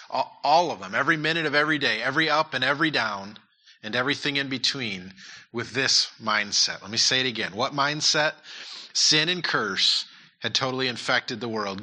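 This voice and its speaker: Male pastor, sermon delivery, earnest, repeats points, very bright tone, mid pitch. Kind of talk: sermon and prayer.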